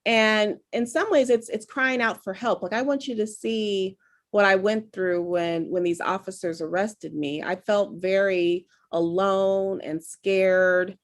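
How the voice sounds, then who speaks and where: Calm woman giving gentle advice. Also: medium pitch, measured pace. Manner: calm, validating, acts out example phrases. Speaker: therapist guest. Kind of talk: conversational advice.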